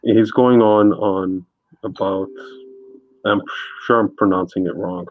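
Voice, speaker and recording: A man's voice: deep voice, fairly even intonation, takes it slowly, phone-quality sound. A man hosting a live stream, easygoing and chatty, reading out viewer comments. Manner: easygoing, reads chat comments aloud. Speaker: stream host. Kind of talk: casual chat on a live stream.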